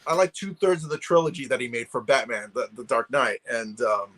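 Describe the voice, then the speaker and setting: A man's voice: medium pitch, expressive, brisk, fairly bright tone, rough recording. A man chatting casually over a video call, rambling with many restarts. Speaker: guest collector. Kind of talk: casual chat.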